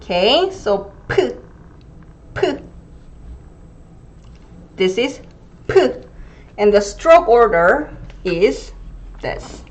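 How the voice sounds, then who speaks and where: Woman, Gyeongsang Korean accent, live online teacher, slightly high voice, unhurried careful drills. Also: fairly bright tone. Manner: slow, careful pronunciation drills, reading viewer comments.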